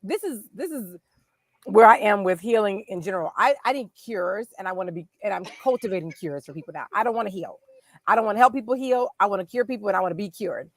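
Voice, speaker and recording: A woman from Los Angeles co-hosts a podcast in casual chat. She tells her stories in a lively, frank way, swears freely and laughs often. Her voice sits at an ordinary middle pitch, recorded close and dry with no room sound. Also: fast, dry recording. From Los Angeles, USA. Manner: animated storyteller, frank and profane, laughs often. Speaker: podcast co-host.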